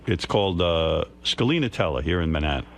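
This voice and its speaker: A man's voice: sits low, lively intonation, a little fast, vocal fry, a little hiss or hum. An older man, hosting a radio show and lecturing a caller bluntly. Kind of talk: on-air advice to a caller.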